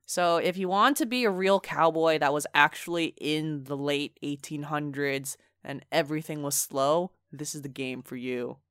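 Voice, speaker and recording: A woman co-hosting a casual video game chat, talking quickly with lots of fillers and dry sarcasm. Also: deep voice, steady tone, a bit bright, clear, resonant tone, no echo. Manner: chatty, filler-heavy, sarcastic. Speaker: video game podcast co-host.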